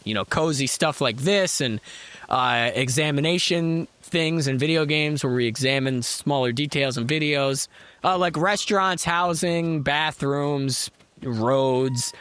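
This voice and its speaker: A man's voice: a little high, fairly bright tone. Rambling, chatty gaming YouTuber man. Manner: rambling, self-interrupting, chatty. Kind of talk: casual gameplay commentary. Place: home office.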